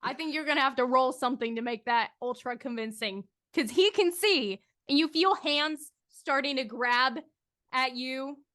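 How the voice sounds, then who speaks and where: A woman with a high voice runs a tabletop horror game as game master. She narrates scenes in a descriptive, suspenseful way. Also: normal speed, pushed and bright.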